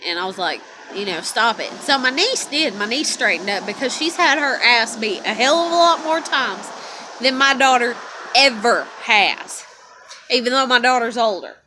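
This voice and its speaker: A woman rambles on in a casual vlog, cursing nearly every line and breaking into laughter mid-sentence. Her voice sits a little high. Steady noise hums behind her. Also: normal speed. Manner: profane, swearing constantly, laughing as she talks. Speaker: vlogger. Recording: noisy background.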